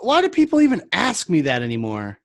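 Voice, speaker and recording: A man's voice: brisk, gravelly, dry recording. A young man casually telling stories about vape shop customers, acting out their voices. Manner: animated, acts out customers in a higher voice. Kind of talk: casual chat, storytelling.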